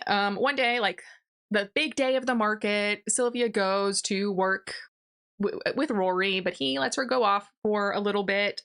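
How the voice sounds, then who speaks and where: A young woman walks through a novel's plot in a ranting review. She sounds casual and exasperated and loads her talk with fillers and sarcastic asides. Her voice is bright and forceful. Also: medium pitch, creaky. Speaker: book reviewer. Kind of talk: ranting book review recap.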